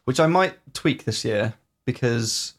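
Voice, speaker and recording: Cheeky man with a gravelly voice. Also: mid-range voice, lively intonation, a little slow. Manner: teasing, cheeky. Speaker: podcast co-host. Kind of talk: casual chat. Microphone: one microphone shared between two.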